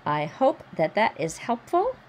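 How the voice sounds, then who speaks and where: A woman teaching French pronunciation, modelling each word slowly and carefully, then explaining the spelling and sounds. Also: a little high, wildly swooping pitch, a little mellow. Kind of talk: pronunciation lesson.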